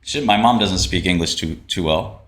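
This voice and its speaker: A man's voice: low-pitched, moderate pace, fairly bright tone, a little hiss or hum. A man hosting a casual livestream, ranting in a brash, profane, mocking way. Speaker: livestream host. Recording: roomy echo, faint typing.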